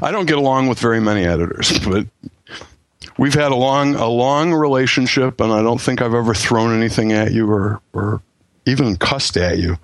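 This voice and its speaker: A man's voice: mid-range voice, moderate pace, no room sound. A man talking as a guest author on a podcast, enthusiastic and full of stammering restarts. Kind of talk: casual podcast chat.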